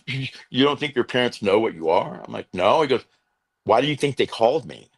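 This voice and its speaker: A man's voice: medium pitch, fast, slightly rough. Middle-aged man telling his story. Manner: animated storyteller, acts out quotes, fillers like "you know". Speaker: guest, interventionist and veteran. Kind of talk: candid storytelling interview.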